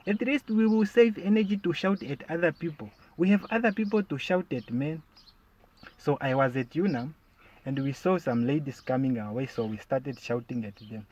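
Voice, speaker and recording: A man performing a stand-up comedy monologue, animated and bursting into loud shouted calls. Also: fairly high pitch. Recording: dull lo-fi recording.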